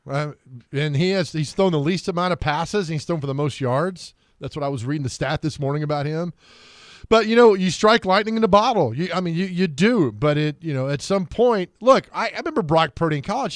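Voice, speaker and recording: Rambling higher-voiced radio co-host. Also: male voice, lively intonation, a little fast, no room sound, studio quality. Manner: rambling, storytelling, many restarts. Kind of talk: sports talk radio.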